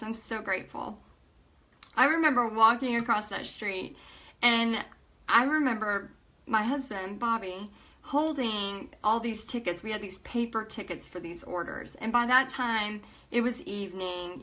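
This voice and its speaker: A woman nearing forty tells a personal story to her viewers, emotional and animated, acting out what people said. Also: a little high. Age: almost 40. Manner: emotional, animated retelling with acted-out quotes. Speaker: paint party instructor.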